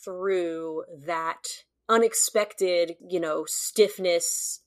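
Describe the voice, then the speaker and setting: A woman interviewing a guest, asking questions and giving many quiet affirmations. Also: on the low side, extremely slow.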